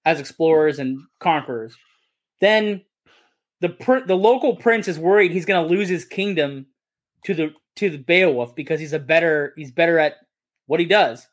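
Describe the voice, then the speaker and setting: A man's voice: on the high side, moderate pace. A man co-hosting a podcast who talks about a film in a casual, rambling, enthusiastic way and often corrects himself. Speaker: podcast co-host. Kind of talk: casual movie discussion.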